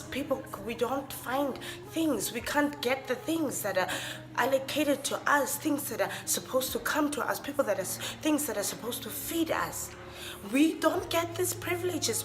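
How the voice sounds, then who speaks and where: A young woman, ranting with feeling in a vlog, often restarting and repeating her phrases. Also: a little high. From Namibia. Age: young adult. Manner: impassioned, repetitive, restarts phrases. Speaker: vlogger. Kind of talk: emotional rant to camera. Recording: music playing under the voice.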